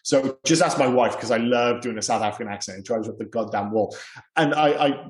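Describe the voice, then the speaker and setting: A man co-hosting a casual film podcast, animated and quick to swear and laugh. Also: mid-range voice. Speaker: podcast co-host. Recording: roomy echo.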